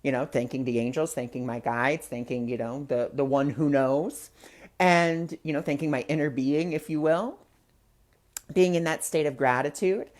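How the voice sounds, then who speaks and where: A woman's voice: low-pitched, moderate pace, a little mellow. A woman hosting a spiritual discussion, telling a personal story in a chatty way with many fillers. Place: live online broadcast.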